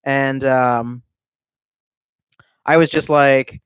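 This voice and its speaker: A man's voice: medium pitch, fairly even intonation, a little slow, long pauses, smooth, dry recording. Rambling, foul-mouthed man streaming from home. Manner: rambling and profane, with many restarts. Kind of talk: casual livestream chat.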